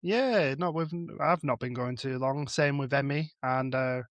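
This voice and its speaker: A man's voice: medium pitch, unhurried, no room sound. A young man with a Northern English accent co-hosting a podcast, talking in a blunt, laid-back and sweary way. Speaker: podcast co-host and drumming streamer. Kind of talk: casual chat.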